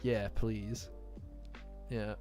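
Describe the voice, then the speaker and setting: Young English guy, casual streamer, jokey and sweary, quiet lo-fi music bed. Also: fairly low pitch, flat delivery, very slow. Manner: laughing, jokey, swears freely. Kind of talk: casual live-chat commentary. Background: faint lo-fi music.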